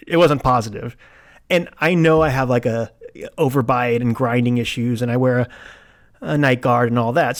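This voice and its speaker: A man hosting a solo podcast, telling a personal story in a rambling way with restarts and quoted asides. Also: medium pitch. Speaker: podcast host.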